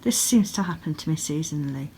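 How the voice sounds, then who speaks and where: A woman in her thirties talks through her vlog in a low, homely voice, sleepy and yawning. She gushes happily over little pretty things as she chats. Faint room noise sits behind her. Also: expressive, fast talker, warm tone. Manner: chatty, gushing over small pretty things. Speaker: yarn dyer and vlogger. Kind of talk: casual vlog chat. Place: home, craft room.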